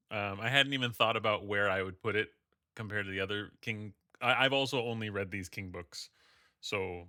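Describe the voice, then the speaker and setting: A man hosting a casual book club chat, hesitant and soft-spoken, with frequent fillers. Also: lowish voice, dry recording, clean studio sound.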